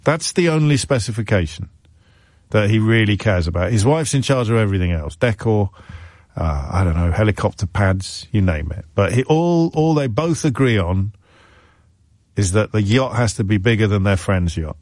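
A man's voice: on the low side, animated, moderate pace, a little mellow, no room sound, clean studio sound. A man hosting a radio phone-in, telling stories in a wry, self-correcting way. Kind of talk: conversational storytelling.

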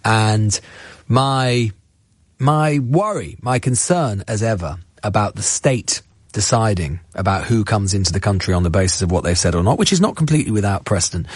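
A male talk radio host delivers earnest, argumentative, opinionated commentary and interviews a guest, restarting often. His voice is on the low side, animated and slightly rough at a moderate pace, captured dry and studio quality on a studio microphone.

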